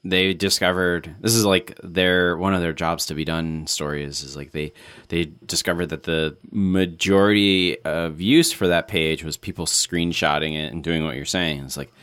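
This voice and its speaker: Deep-voiced man in relaxed chat. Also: moderate pace, clear, resonant tone, no room sound. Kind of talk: casual chat.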